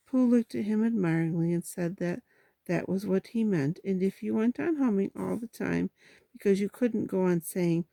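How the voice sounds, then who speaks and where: A woman reads a children's storybook aloud at an even, gentle pace, sometimes stumbling over a word. Her voice is warm and mellow with a gravelly edge. The sound is close and dry. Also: on the low side, a little slow, no echo. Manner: steady, gentle storytelling with small slips.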